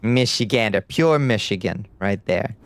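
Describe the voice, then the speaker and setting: A man's voice: fairly low pitch, animated, a little slow. A man streaming a video game, chatting casually and answering his chat aloud. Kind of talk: casual livestream chat while gaming.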